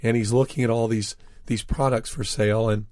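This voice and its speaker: A man's voice: mid-range voice, steady tone, a little fast, a little mellow, no echo. Earnest man recounting stories, dry sound. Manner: reflective, earnest, recounts dialogue. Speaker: author guest. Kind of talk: storytelling interview anecdote.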